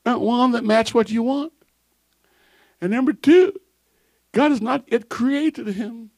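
A preacher acting as a calm pastor who soothes a crying girl with soft, gentle words. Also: very high-pitched, slow pace, gravelly, no echo, studio quality, pitched above the performer's own voice, full character voice. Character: calm, patient male pastor consoling a girl.

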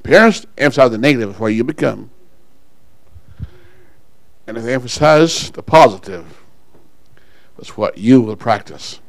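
A pastor preaching a sermon to his congregation, calling people up front and pausing for call-and-response. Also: mid-range voice, expressive, dry recording, low-quality recording.

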